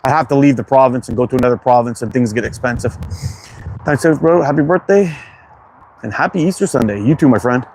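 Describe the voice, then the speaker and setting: Speaking a little fast in a mid-range, slightly mellow voice, a Quebec-accented man from Canada hosts a slingshot livestream outdoors. He reads viewers' chat names aloud, easygoing and friendly, with casual swearing. Cold wind and outdoor ambience surround him.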